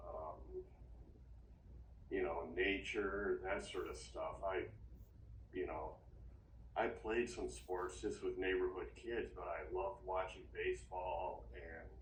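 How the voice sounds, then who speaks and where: A man talking in a therapy session, halting and rambling with frequent restarts, recorded from a distance in an echoey room. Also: sits low, fairly even intonation, slight background noise. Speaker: therapy client. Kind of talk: casual session talk. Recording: echoey room, distant mic, faint ambience.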